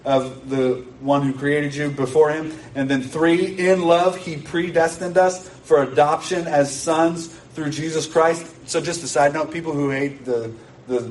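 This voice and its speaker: A man preaching a sermon in an earnest, emphatic way, repeating key phrases to drive them home. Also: mid-range voice. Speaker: pastor. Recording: distant mic with faint background noise.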